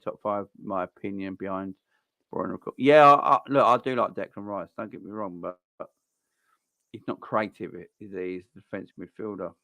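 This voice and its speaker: A man with a fairly low, slightly bright voice hosts a football watchalong livestream, reacting to the match and reading viewer comments. He chats casually and bluntly, repeating himself and using lots of fillers. There's no room sound.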